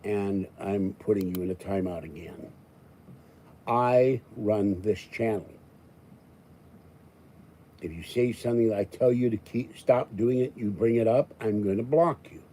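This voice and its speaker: A man's voice: lowish voice, measured pace, pauses often, mellow, rough recording. An older man hosting a live stream, rambling to his chat and reading viewer comments, his voice rising in exasperation and then settling. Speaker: livestream host.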